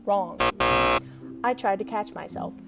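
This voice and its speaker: A woman vlogger telling a personal story in an animated, dramatic, self-mocking way. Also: mid-range voice, moderate pace. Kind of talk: storytime vlog. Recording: music playing underneath.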